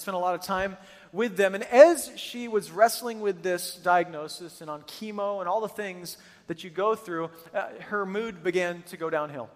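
A man's voice: high-pitched, fairly bright tone. A middle-aged man preaching a sermon, telling stories in an emphatic, earnest way. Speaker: pastor. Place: church auditorium with hundreds present. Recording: long reverb of a large church hall.

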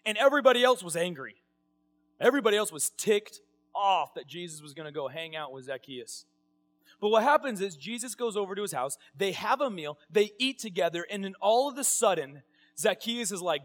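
Male pastor, high voice, animated sermon delivery, acts out characters, faint music underneath. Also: normal speed. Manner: animated storytelling, acting out quoted voices.

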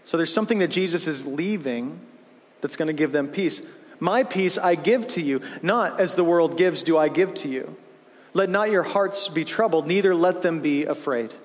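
Male pastor, high-pitched, casual restart-heavy preaching style, recorded in a reverberant church hall. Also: expressive, moderate pace. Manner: conversational preaching, many restarts and asides. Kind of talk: sermon. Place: church sanctuary.

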